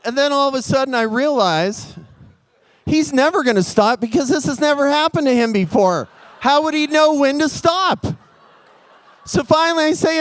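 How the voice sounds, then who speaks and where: A man telling a true comic story live on stage, animated and acting out the scenes. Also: very high-pitched, moderate pace, no room sound.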